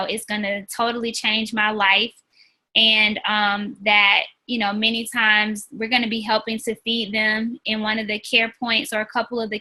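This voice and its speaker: A woman with a slightly high, sharp-toned voice leads a business team call, and the recording quality is low. As team leader, she gives an earnest, chatty pep talk full of "um" and "like," addressing everyone as "y'all."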